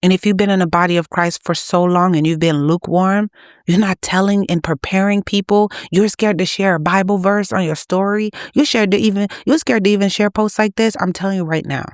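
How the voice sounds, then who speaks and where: A woman's voice: medium pitch, steady tone, a little fast, no room sound, clean studio sound. A woman preaching to her channel's viewers in an urgent, exhorting manner. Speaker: channel host. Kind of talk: preaching to camera.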